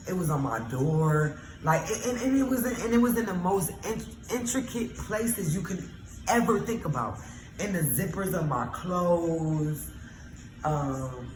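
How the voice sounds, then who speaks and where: A woman telling a storytime vlog in a casual, animated, exasperated way, swearing freely. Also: sits low, reverberant, noisy background.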